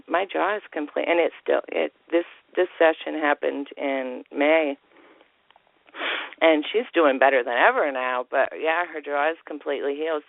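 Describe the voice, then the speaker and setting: A man's voice: fairly high pitch, gravelly, no echo. A man calling in to tell a personal story over the phone, acting out the voices he quotes and laughing often. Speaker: caller. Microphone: telephone. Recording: tinny phone line.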